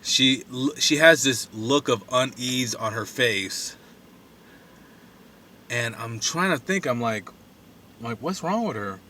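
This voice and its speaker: This solo van-life travel vlogger speaks slowly in a medium-pitched, sharp voice, pausing often. Filming on his phone, he tells a rambling, casual story full of fillers and quoted asides. His voice is slightly distant from the mic, with slight background noise.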